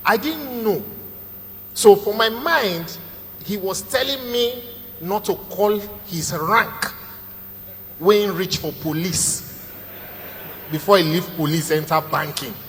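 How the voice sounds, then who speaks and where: Nigerian comedian in a big echoey hall. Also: male voice, sits high, slow pace, long pauses, fairly bright tone, a little hiss or hum. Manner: storytelling with Pidgin asides, acting out the people he quotes. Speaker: stand-up comedian. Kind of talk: live stand-up comedy set. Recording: echoey hall, faint ambience.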